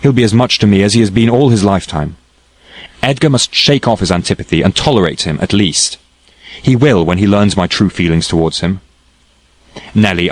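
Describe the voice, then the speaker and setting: Guy reading as a passionate stubborn young woman, raised a bit higher than his own low voice, declaiming, dry close sound. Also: no echo, natural voice, low-quality recording. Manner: impassioned, declaiming. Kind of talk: audiobook character reading.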